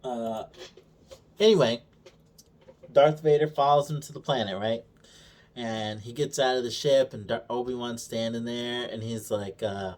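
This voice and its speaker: Unhurried and medium-pitched with a darkish tone and long pauses, this man is a video reviewer ranting casually and cursing constantly. His mood is mocking and exasperated, and he retells scenes his own way by acting out what the characters say.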